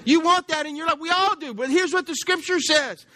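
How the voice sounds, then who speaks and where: A male pastor, preaching in church in a loose, conversational way. His voice sits high for a man, and he keeps turning to the congregation with questions. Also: a little fast, few pauses, pushed and bright. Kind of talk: sermon.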